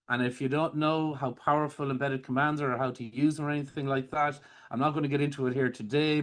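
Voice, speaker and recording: A male hypnotherapy trainer teaching a masterclass, calmly explaining a technique step by step. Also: medium pitch. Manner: calm, explanatory, walks through techniques step by step.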